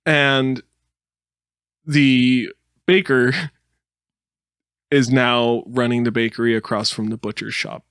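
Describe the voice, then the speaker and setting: A man's voice: mid-range voice, slow, pauses often, clear, resonant tone, no echo, studio quality. A man co-hosting a podcast, telling a made-up story in casual chat with lots of laughs. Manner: animated storytelling with laughs and silly put-on voices. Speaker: podcast co-host.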